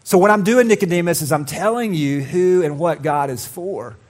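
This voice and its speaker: A man preaching to a church audience in a fairly high voice for a man. He tells a personal story with animated acted-out quotes, then drops suddenly to a soft, quiet voice. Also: moderate pace. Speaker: pastor. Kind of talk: sermon.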